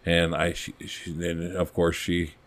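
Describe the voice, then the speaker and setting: A man's voice: low-pitched, monotone, a little slow, fairly bright tone, no echo. A man telling a rambling, folksy story from his police days on a podcast, acting out the quotes as he goes. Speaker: podcast guest, former police officer. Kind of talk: casual storytelling.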